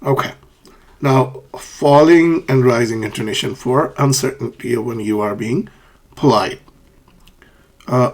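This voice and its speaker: A man teaches English pronunciation in a slightly husky, mid-pitched voice. He reads the example phrases aloud with deliberately exaggerated rises and falls in pitch. Between examples he keeps checking in with the viewer, asking "okay?". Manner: models example sentences with exaggerated rising and falling pitch. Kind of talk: online pronunciation lesson.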